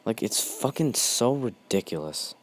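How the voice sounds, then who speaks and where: A man's voice: medium pitch, big pitch swings, a little slow, a little hiss or hum. A young man hosting a ranting monologue, heated and blunt, swearing constantly.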